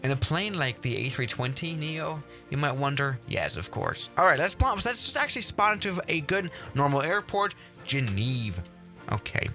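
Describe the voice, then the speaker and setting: A young man talks through a flight sim session in a bouncy, animated voice that rises and falls freely. His tone is bright and a little tense, and he gets excitable and exasperated, tripping over his restarts. Faint music plays underneath. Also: a little high, normal speed. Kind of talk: casual gameplay commentary.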